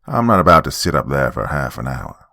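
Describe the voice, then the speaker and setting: A man doing a gravelly, stern, mocking dad. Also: rumbling low, sing-song, a little fast, bright, forceful tone, no echo, studio quality, pitched below the performer's own voice, full character voice. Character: stern teasing middle-aged father.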